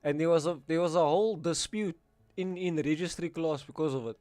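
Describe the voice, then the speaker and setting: A young man with a South African accent, telling animated, laughing stories in casual chat on a stream. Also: fairly high pitch, a little fast, dry recording, clean studio sound.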